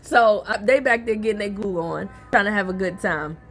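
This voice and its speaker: A woman hosting a casual soap opera recap, talking in an animated, colloquial way with gossipy asides. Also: mid-range voice, normal speed, faint music behind.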